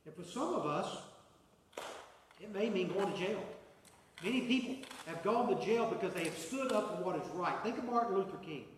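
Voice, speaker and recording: A man's voice: high voice, animated, normal speed, a little hiss or hum. A man preaching a sermon as pastor, earnest, with a repeating cadence. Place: church sanctuary. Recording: echoey hall, mic far off.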